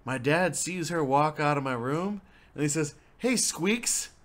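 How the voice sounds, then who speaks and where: A man's voice: a little high, normal speed. Young man swearing through a rambling story. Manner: rambling, swears a lot, animated. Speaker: storyteller guest. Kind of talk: casual profane storytelling.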